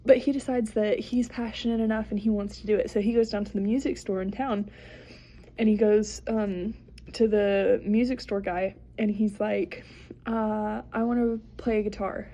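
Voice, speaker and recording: A woman's voice: mid-range voice, fairly even intonation, moderate pace, mellow. A young woman, a podcast co-host, telling a long rambling joke with lots of fillers and acting out the characters' lines in her own voice.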